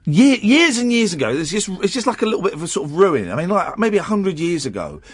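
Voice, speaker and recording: A male radio host talks casually on air, rambling and restarting his sentences. His pitch swings lively up and down, and the sound is close and dry with no room echo. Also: quick pace, breathy edge. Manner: rambling, chatty, full of restarts.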